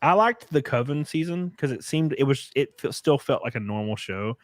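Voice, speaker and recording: A man hosting a podcast in casual chat, rambling and swearing, his voice jumping up when he gets excited. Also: mid-range voice, normal speed, no echo, studio quality. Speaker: podcast host.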